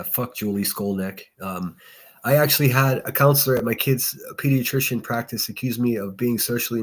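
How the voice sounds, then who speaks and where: A man hosting a casual solo livestream, reading chat and giving blunt, profane, rambling commentary. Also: medium pitch. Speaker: livestream host.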